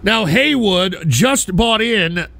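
A man streaming live, reacting to clips with loud, profane outbursts. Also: high voice, animated, slow, gravelly, noisy background.

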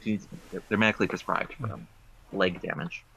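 A man presenting puzzles on a talk show over a remote call, rambling with playful deadpan jokes. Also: deep voice, a little fast, gravelly, slight background noise, rough recording.

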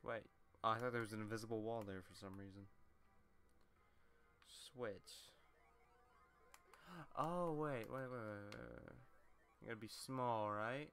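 A man's voice: lowish voice, steady tone, moderate pace, creaky, long pauses, a bit bright, soft background music. A young man commentating a video game let's play, rambling, swearing often and getting easily frustrated.

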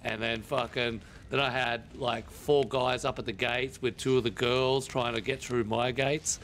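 A man's voice: medium pitch, level tone, unhurried, a bit bright, a little hiss or hum. A man with an Australian accent telling a story over game voice chat, swearing constantly. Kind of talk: casual voice chat while gaming.

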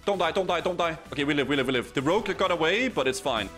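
A man giving lively play-by-play over a match, his voice sitting a bit high and swinging widely in pitch. He trips over his words in quick restarts and breaks into sudden laughing yelps, with faint game music underneath. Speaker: streamer playing arena matches. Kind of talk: excited gaming commentary.

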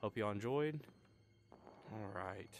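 A man's voice: on the low side, slow pace. A young man commenting on a horror game, talking nervously to the characters and blurting repeated warnings when startled. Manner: jumpy, nervous chatter to game characters, bursts of repeated "hey". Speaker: gaming video host.

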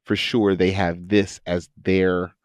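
A man who works as an actor and voice actor, chatting in a podcast interview, telling stories with lots of laughter and quick impressions. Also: low-pitched, clean tone, no room sound. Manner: animated storyteller, laughs often, jumps into quoted voices. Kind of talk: casual interview chat.

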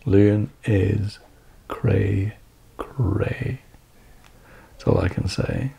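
Man, husky and gravelly, warm low tone, lively teasing co-host. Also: drawn-out words. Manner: teasing, playful banter with repeated name-calling. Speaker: podcast co-host. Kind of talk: casual chat.

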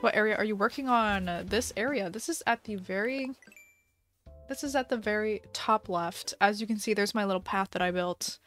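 A woman's voice: mid-range voice, normal speed, fairly bright tone, soft background music. A young woman hosting a casual live stream while playing a game, giggly and chatty, reading chat aloud. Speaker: livestream host.

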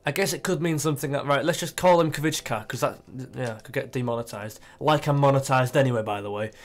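A young man chatting casually as he plays a football management game, thinking aloud and getting excited. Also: mid-range voice, a little fast, soft background music. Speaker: gaming YouTuber. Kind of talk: casual gameplay commentary.

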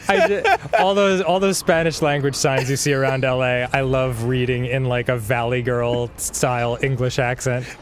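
A man co-hosting a casual gaming show, joking loudly and laughing often. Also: mid-range voice, little pitch movement, normal speed, hardly any pauses, background noise. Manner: goofy, laughs loudly, jokey voices. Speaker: co-host. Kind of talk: casual banter while gaming.

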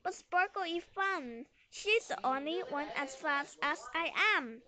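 A woman voicing an excited young boy dog in a children's storybook reading. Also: high-pitched, measured pace, a crowd in the background.

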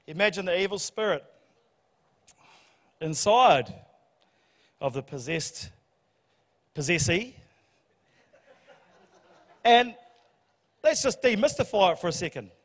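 A man preaching a sermon, telling the story in a humorous, animated way. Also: high voice, slow, pauses often. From New Zealand. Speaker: pastor. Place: church hall. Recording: church hall reverb.

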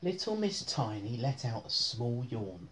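A woman's voice: rumbling low, big pitch swings, unhurried, heavy background noise. A woman reading a bedtime story aloud to her children at home, often breaking into laughter as she reads.

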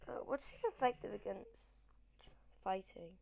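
A woman gamer gives rambling, excitable let's-play commentary at normal speed in a medium-pitched voice. Speaking into a desk microphone, she swings between loud cheers and quiet mumbles.

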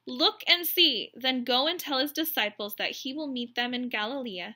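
A solemn storybook angel announces its news in slow, raised, ringing words, as a woman reads it aloud. The voice is high and bright. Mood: proclaiming.

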